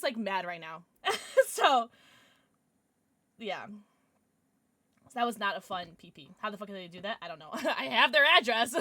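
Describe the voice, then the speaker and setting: A woman's voice: medium pitch, bright, forceful tone, no echo. A woman streamer chatting casually on a livestream, rambling with frequent restarts and plenty of swearing.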